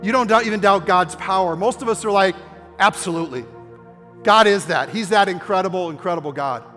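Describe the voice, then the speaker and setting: An older man preaching with fervent energy in a high, bright voice that climbs toward near-shouts at the key points. His words ring out with a long hall reverb, and soft music plays faintly underneath. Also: quick pace. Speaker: pastor. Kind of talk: sermon.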